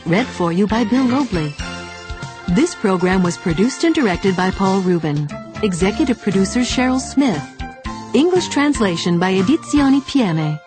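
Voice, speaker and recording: A woman's voice: medium pitch, expressive, normal speed. A woman formally reading the closing credits of an audiobook. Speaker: announcer. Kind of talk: scripted production credits. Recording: read over children's music.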